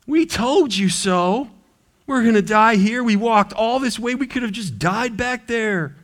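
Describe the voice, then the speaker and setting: A man's voice: very high voice, animated, a little slow, a bit bright, pitched above the performer's own voice, heavily acted. A man voicing a panicking crowd of grumbling Israelites who nag and complain sarcastically. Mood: whiny. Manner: complaining, sarcastic I-told-you-so nagging.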